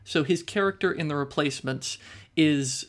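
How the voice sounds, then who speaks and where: A man's voice: fairly high pitch, moderate pace, fairly bright tone. A man co-hosting a podcast, talking in a thoughtful way and restarting his sentences often. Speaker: podcast co-host. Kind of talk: casual chat.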